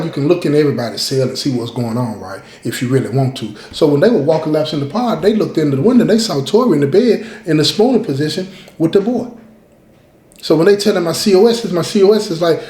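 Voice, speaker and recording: A man whose voice sits on the high side and sounds a little mellow hosts his own program in a reverberant space. As storyteller, he speaks casually yet emphatically, going back over points and talking straight to his audience.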